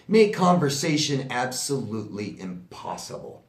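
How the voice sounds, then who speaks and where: A man coaching in a casual monologue, blunt and conversational, with a middle-pitched voice. He comes back to his points with little asides. The room around him adds a clear, roomy echo. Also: expressive, moderate pace, long pauses. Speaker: life coach.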